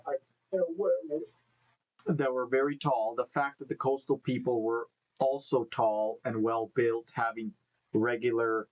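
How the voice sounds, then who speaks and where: A man's voice: mid-range voice, rough recording. A man hosting a casual live stream, reading news stories aloud, tripping over names and breaking off to think aloud. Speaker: host. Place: indoor room with live beehives.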